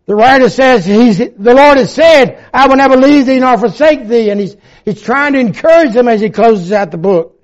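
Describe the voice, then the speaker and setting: A man of seventy-four preaching a sermon with fervor, swinging from loud emphasis to hushed reflection and quoting old-fashioned scripture. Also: extremely high pitch, animated, moderate pace. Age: 70s. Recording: dull lo-fi recording.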